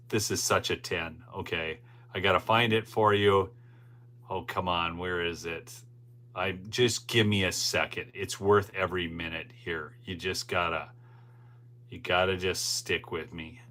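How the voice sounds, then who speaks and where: A man's voice: low voice, steady tone, a little slow, a bit bright. A man hosting a political livestream, talking casually and rambling as he keeps checking "okay?" with the audience. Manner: rambling and conversational, often tagging "okay?". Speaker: host of a political commentary livestream. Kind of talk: casual live commentary reading the chat.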